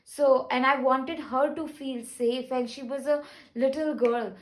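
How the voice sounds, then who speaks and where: A woman talking casually to camera in an earnest, rambling, gentle way, with many restarts. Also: high-pitched, fairly even intonation, unhurried, poor audio. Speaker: spiritual vlogger. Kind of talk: casual personal talk to camera.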